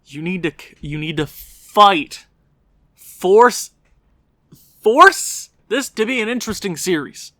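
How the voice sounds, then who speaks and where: A man commentating his own hockey video game session, swinging into frustrated yelling at his goalie. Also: high voice, animated, slow, no echo. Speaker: gaming YouTuber.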